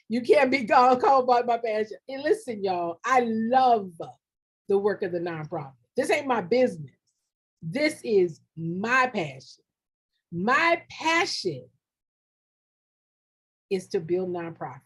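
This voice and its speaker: A husky, slightly high-voiced middle-aged woman speaks straight to her livestream viewers through a computer mic. She is blunt and preachy, hammers points home by repeating them, and drops in a casual y'all and ain't. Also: lively intonation, measured pace. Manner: direct, preachy, repetitive emphasis; colloquial, says y'all and ain't. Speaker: nonprofit grant consultant. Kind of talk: live-streamed motivational talk.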